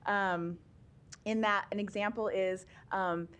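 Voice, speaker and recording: A woman's voice: medium pitch, fairly even intonation, slow, fairly bright tone, smooth. A woman giving a chatty talk on special education law at a public meeting, laughing often and using many ums.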